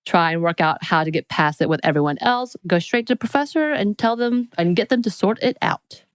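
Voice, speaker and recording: A playful woman co-host reads out quiz questions in an easy, joking chat. Her voice sits on the low side and the sound is dry and close, with no room behind it. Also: animated, fairly quick, clean tone, dry recording. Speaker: podcast co-host. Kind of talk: casual chat.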